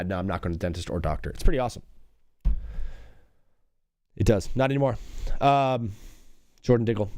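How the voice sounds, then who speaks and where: A young man hosts a live sports show with a lively, bouncing voice that sits a little high for a man. He rambles casually from play updates to stories and replies to chat. The sound is close and dry, with no room around it. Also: clean tone, no room sound. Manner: rambling, chatty, jumps between game calls and stories.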